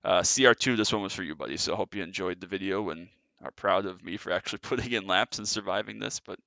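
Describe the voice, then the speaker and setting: A man's voice: sits low, fast talker, vocal fry, pushed and bright, dry recording. A man giving casual, chatty commentary on his own sim race, a little out of breath. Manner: chatty, filler-heavy, self-correcting. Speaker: sim racing streamer.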